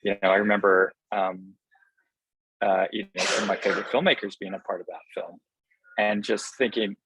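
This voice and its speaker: A man's voice: fairly low pitch, steady tone, normal speed, fairly bright tone, slightly rough, no echo, rough recording. A man being interviewed as a film director, talking in an earnest, enthusiastic way that often halts on fillers. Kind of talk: casual interview answers.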